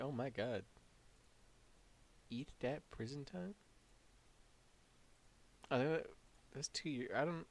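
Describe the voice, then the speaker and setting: Slow-talking man reacting casually. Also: mid-range voice. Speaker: reaction video host.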